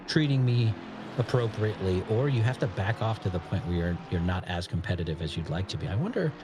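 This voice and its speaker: A laid-back American man with a lowish voice co-commentates on a sim race, weighing up driver choices and laughing often. Steady noise from the game runs under him. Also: fast. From United States. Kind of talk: casual live sim racing commentary.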